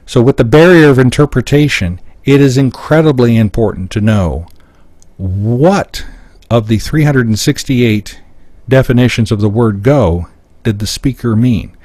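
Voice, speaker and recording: A man's voice: medium pitch, a little mellow, dry recording. A man presenting a live seminar, explaining points emphatically and acting out short example lines. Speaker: seminar speaker. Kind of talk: live public-speaking seminar. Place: seminar room before an audience.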